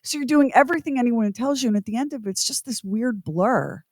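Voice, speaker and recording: A woman's voice: on the high side, fast, dry recording. Chatty woman co-host, dry close sound. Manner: chatty and expressive, builds up to punchlines. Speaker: radio and podcast co-host. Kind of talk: casual podcast chat.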